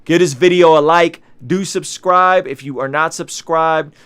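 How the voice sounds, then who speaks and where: A man with a somewhat high voice that comes across smooth and resonant hosts a live reaction stream. He talks casually to his audience and often trips and restarts as he thinks aloud. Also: a little slow, fairly bright tone. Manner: chatty, restarts and repeats himself, addresses viewers directly. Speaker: YouTube host.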